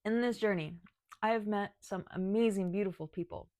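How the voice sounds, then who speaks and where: With a medium-pitched, darkish voice and a brisk delivery, a tearful woman talks to camera about her spiritual path, choking up, sighing and restarting. She works as a spiritual guide and video creator.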